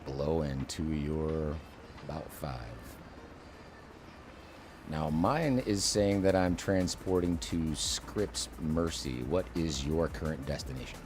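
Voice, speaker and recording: A man's voice: extremely low pitch, slow pace, noisy background. A man hosting a flight simulator session, chatting with a co-pilot and explaining missions with enthusiasm. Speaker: flight sim channel host. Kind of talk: casual co-op flight sim chat.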